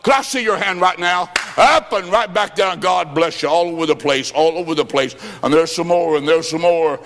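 A man preaching a revival sermon, telling a story and then calling people to prayer, with dramatic swings from quiet lines to shouting. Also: fairly high pitch, moderate pace, faint music behind. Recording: long hall reverb.

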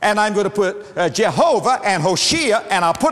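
A man's voice: high voice, big pitch swings, moderate pace, few pauses, fairly bright tone. Man preaching a sermon in a big echoing hall. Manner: dramatic preaching with sweeping rises and drops, repeating phrases. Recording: long hall reverb.

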